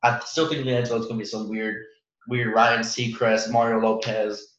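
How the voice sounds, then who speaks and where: A young man hosts a casual solo sports podcast, rambling through fillers and restarts and laughing at his own jokes. His lowish voice is fairly bright but flat, at normal speed, in a roomy, muffled home recording.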